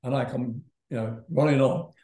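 A man's voice: medium pitch, steady tone, moderate pace, mellow. An older man, a rock singer, telling a rambling story in a casual interview, laughing and swearing as he goes. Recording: roomy echo.

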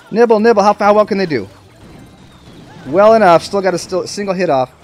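A man giving excitable live commentary over his own gameplay, talking to the game and to his viewers. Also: sits high, normal speed, soft background music. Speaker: gaming commentator.

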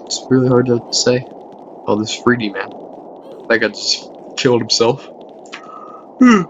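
A tired man giving rambling, chatty commentary over a video game, with quieter mumbled asides. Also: mid-range voice, expressive, unhurried, long pauses, lo-fi sound, slight background noise. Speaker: gameplay commentator.

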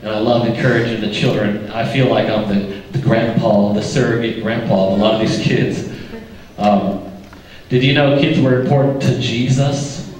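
A man's voice: mid-range voice, fairly even intonation, normal speed, darkish tone. An older man preaching a sermon as pastor, folksy and joking, quizzing the congregation as he goes. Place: church sanctuary. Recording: echoey church from a distance.

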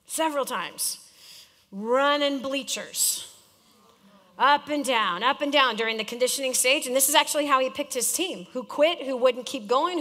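Speaking in a high voice, this Californian woman coaches an audience at a live business seminar, pushing and challenging them directly with lots of animation. Her words echo with the long reverb of a big hall.

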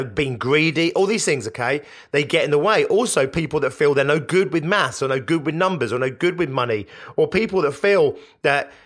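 A man's voice: on the high side, fairly bright tone. A man hosting a solo business podcast, coaching listeners in an emphatic, repetitive way. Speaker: podcast host.

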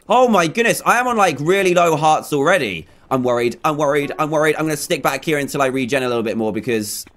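A man with a slightly high voice commentating his own gameplay as a video host. He talks in quick excitable bursts, repeating phrases and breaking into panicked exclamations whenever things go wrong. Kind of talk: let's-play commentary.

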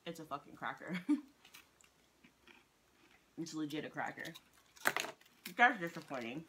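A woman's voice: deep voice, very animated, measured pace. A woman co-hosting a casual snack-tasting vlog, blunt, swearing freely and laughing often. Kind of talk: casual chat. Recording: noisy background with crinkling wrappers.

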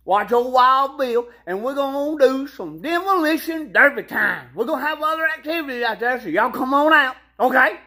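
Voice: high-pitched, lively intonation, moderate pace, hardly any pauses, pushed and bright, heavily acted. A performer putting on a rowdy, folksy hillbilly man, hollering and cackling while promoting a county fair in a social media video. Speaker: county fair mascot character.

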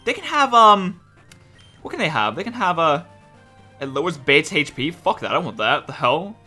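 A man hosting a gameplay commentary, excitable and exasperated, swearing often and pleading with the game. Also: on the high side, moderate pace, soft background music. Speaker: let's play host.

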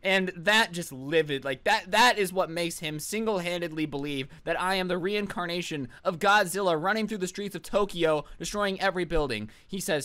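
A man's voice: high voice, animated, brisk, few pauses, pushed and bright. A man telling a funny personal story to his vlog audience, sarcastic and mocking, rambling from one joke to the next. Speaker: storytime vlogger. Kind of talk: comedic storytime monologue.

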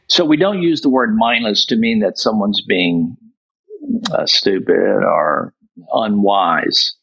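Man psychologist explaining, gravelly and a bit husky, middle pitch. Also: slow, fairly bright tone, muffled recording. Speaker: psychologist and book author. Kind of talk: podcast interview answer.

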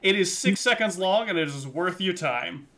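Lively high-voiced joking streamer man. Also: moderate pace, faint music behind. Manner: joking, self-mocking, laughs often. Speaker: streamer hosting a party game. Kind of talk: casual chat on a game stream.

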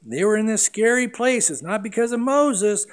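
A middle-aged man preaching a sermon as pastor, earnest and emphatic, with big swings between loud and quiet. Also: high voice, expressive, normal speed, clean tone.

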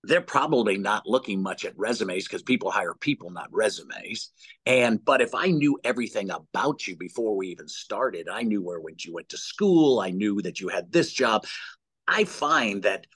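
Man, storyteller, animated, restarts often, dry close mic. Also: on the low side, moderate pace, husky, dry recording. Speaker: executive search guest. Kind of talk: storytelling interview answers.

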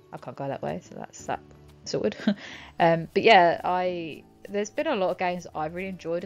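A woman's voice: on the low side, darkish tone. A woman giving chatty, giggly let's-play commentary as she plays a farming game. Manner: chatty, giggly, talks to herself. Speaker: gaming channel host.

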